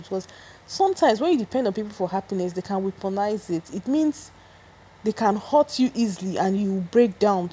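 A woman's voice: mid-range voice, dark tone, a little hiss or hum. Chatty woman recapping gossip. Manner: chatty, opinionated, frequent restarts. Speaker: celebrity gossip vlogger.

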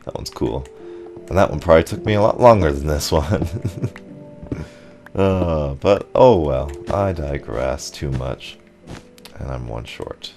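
A young man hosting his gaming channel, rambling through an excitable story in casual commentary. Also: extremely low pitch, unhurried, vocal fry, pauses often, soft background music. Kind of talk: casual commentary over gameplay.

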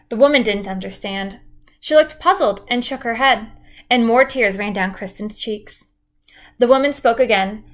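Woman teacher reading a chapter book aloud, steady, clear, slightly high voice.

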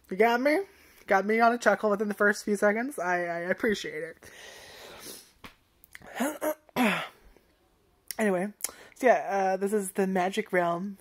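A woman's voice: medium pitch, a little slow, long pauses. A woman casually chatting about an anime's first episode, rambling, swearing often and laughing at her own jokes. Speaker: anime reviewer. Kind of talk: casual chat.

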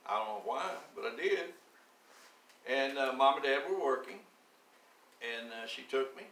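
A man in his seventies preaching a sermon, telling his story slowly and deliberately, then building to emphatic, rising declarations. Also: mid-range voice, lively intonation, a bit bright, reverberant, distant mic. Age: 70s. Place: church sanctuary.

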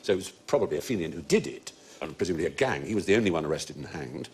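A man's voice: low-pitched, animated, very fast, a little hiss or hum. A man hosting a comedy quiz panel show, with erudite explanations and playful teasing of the guests. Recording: loud studio audience laughter.

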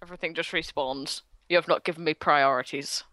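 A woman's voice: low voice, fairly even intonation, fairly quick, bright, forceful tone, dry recording. A woman playing a game with a friend, teasing him playfully and giggling in casual chat. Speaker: co-player. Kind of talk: casual let's-play chat.

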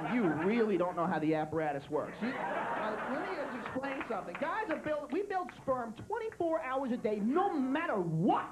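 A man performing a stand-up comedy set on a club stage, loud and animated, swearing and acting out quick voices. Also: very high-pitched. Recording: live club recording, loud crowd and noise.

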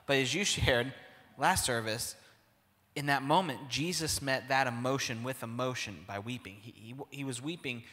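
A man's voice: medium pitch, bright, forceful tone, long reverb tail. A man co-leading a sermon conversation, affirming his fellow pastor and prompting him to expand on a point. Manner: affirming, quick interjections, prompts the other pastor. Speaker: pastor, co-host. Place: church auditorium.

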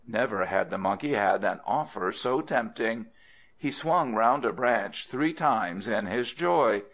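A man narrates a storybook in an expressive way, speaking slowly with a lively, rising and falling pitch. His voice is gravelly, and the recording sounds dull and lo-fi. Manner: expressive, addresses the listener. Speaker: audiobook narrator.

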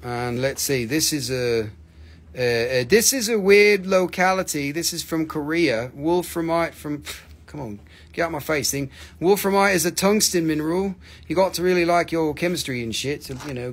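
A man from the Appalachian region of the US hosts a live mineral sale in a joking, rambling way, cussing freely. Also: a little high. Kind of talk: casual live-stream selling.

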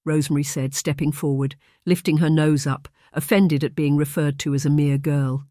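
An audiobook narrator reading a historical romance in a measured, even manner. The sound is dry and close, with a middling pitch. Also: no room sound.

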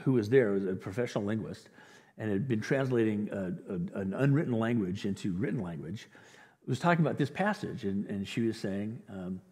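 A male pastor preaching a sermon, telling the story in an animated way and acting out the quotes with chuckles. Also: on the low side, a little fast. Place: church sanctuary. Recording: long reverb of a large hall.

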